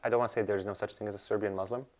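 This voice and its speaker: A man who is a guest in a casual interview, agreeing readily and explaining things calmly. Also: lowish voice, very fast.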